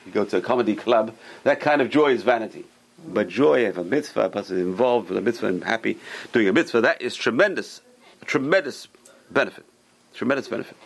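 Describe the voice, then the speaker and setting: A man teaching a Torah class as a rabbi, emphatic and repeating his key words, who tells stories in an animated way. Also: on the low side, fast talker, vocal fry, husky, poor audio.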